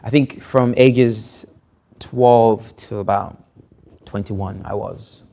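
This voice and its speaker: A man's voice: lowish voice, fairly even intonation, takes it slowly, gravelly, mellow. A young adult man from Nigeria, a film director, answering interview questions in an earnest, reflective way. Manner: earnest, reflective, building emphasis.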